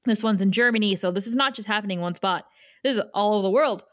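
A woman's voice: medium pitch, dry recording, clean studio sound. A woman co-hosting a podcast, casually recapping an episode with chatty asides. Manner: chatty retelling, quick asides. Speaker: podcast co-host.

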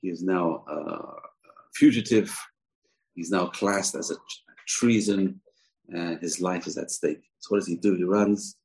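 A man teaching a religious lesson, retelling a scripture story in a loose, animated way and acting out the characters' quotes. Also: low-pitched, a little slow, gravelly, low-quality recording.

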